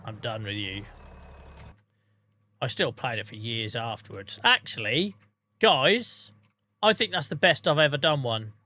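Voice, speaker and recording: A man's voice: mid-range voice, big pitch swings, normal speed, sharp tone. A man streaming a farming game, chatting casually in a rambling, self-deprecating way with the odd swear. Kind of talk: casual gaming stream chat.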